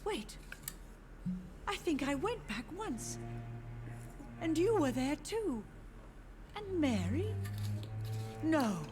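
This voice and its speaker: An actress voicing a frail, grieving old mother who drifts between memories and gently insists her dead still visit. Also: high-pitched, very animated, drawn-out words, long pauses, exaggerated voice. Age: older. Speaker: game character. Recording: game voice acting over loud game music.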